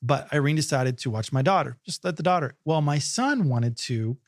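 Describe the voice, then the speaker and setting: A man co-hosting a podcast, telling a lively personal story and acting out the voices in it. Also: on the high side, moderate pace, dry recording. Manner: animated storyteller, acts out quotes. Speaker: podcast co-host. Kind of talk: casual podcast chat.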